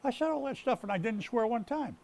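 A man from the United States with a very high-pitched, creaky, slightly mellow voice preaches a sermon as pastor in a rescue mission chapel, animated and a little fast. He builds with rising emphasis and repeated words, stressing terms and often restarting sentences mid-thought.

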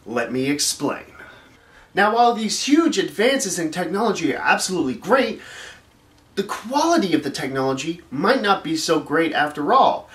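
A man's voice: high-pitched, sing-song, unhurried, a bit bright. A man hosting a comedic rant vlog, exasperated and swearing as he complains. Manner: exasperated, profane ranting. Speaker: vlog host. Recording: roomy echo.

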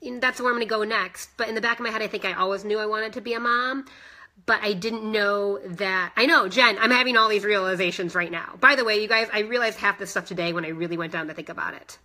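A woman's voice: mid-range voice, fast talker, sharp tone. A woman in her thirties, a fitness instructor, chatting emotionally in a live personal vlog and greeting viewers by name. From United States.

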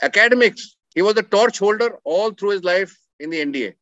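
A middle-aged man tells a story in an earnest, emphatic way and repeats his words for weight. His voice sits high for a man. The sound is dry and a little dull. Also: animated, brisk, fairly bright tone, dry recording. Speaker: speaker telling a coursemate's story. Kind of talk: storytelling talk with slides.

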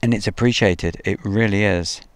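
A man hosting an outdoor live stream by an airfield, chatting casually and reading out viewer comments, joking and pausing with frequent ums. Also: fairly low pitch, smooth, dry recording. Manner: chatty, jokey, halting with many ums.

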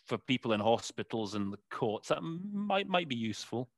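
Speaking at a moderate pace with a medium pitch that swings widely, an interpreter chats casually as a guest in an interview. He frequently stops mid-thought searching for the right word, using many fillers along the way. The audio has no echo.

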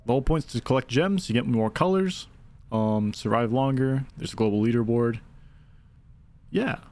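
A man streaming a video game who chats along casually and thinks aloud, speaking straight to his viewers. His voice sits at an everyday middle pitch for a man. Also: normal speed, darkish tone. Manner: chatty, thinking aloud, talking to chat. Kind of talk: casual commentary over gameplay.

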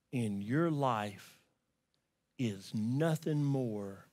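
A man preaching a sermon as pastor, telling stories and rising to loud pleading cries. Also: medium pitch. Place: church.

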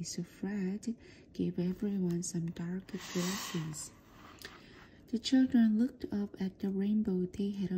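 A woman reading a children's storybook aloud for practice, softly and often in a whisper. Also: mid-range voice, a little hiss or hum. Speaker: reader.

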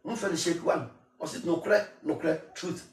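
A man's voice: a little high, normal speed, echoey room, far from the mic, soft background music. A Ghanaian man, a singer, making an impassioned spoken appeal in an emphatic, repetitive, preacherly way, switching between Twi and English.

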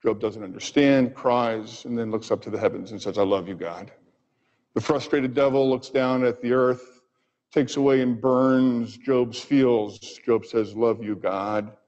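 Male doctor lecturing in an echoing hall. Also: medium pitch. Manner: expressive, pausing for effect. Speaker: physician lecturer. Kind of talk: lecture with storytelling. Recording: dull audio with long hall reverb.

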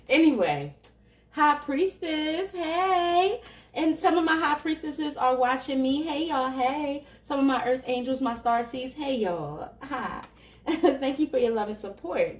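A woman's voice: a little high, a little mellow. A woman reading tarot cards for her viewers in a casual, chatty way, laughing often and talking to them directly. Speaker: tarot reader. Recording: echoey room, voice a bit far from the mic.

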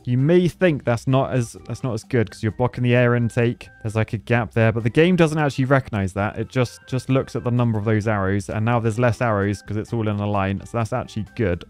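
A man in his twenties chats through a building game, working out controls aloud at a mid-range pitch. He gets loud and giddy when his creations take off, laughing easily. Soft background music plays under his voice. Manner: excitable, laughs often, thinks aloud. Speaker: gaming YouTuber. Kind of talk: casual gameplay commentary.

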